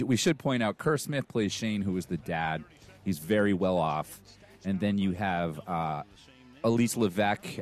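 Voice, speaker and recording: Low-voiced guy on a podcast walking through the plot, chatty. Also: darkish tone. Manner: recaps the plot in detail, reads off cast names. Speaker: podcast co-host. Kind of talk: casual chat.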